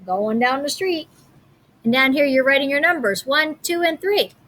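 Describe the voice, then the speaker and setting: A woman teacher reading a picture book aloud and leading a lesson, chatty and animated. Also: high voice. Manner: chatty and animated, slows down to read alliterative lines.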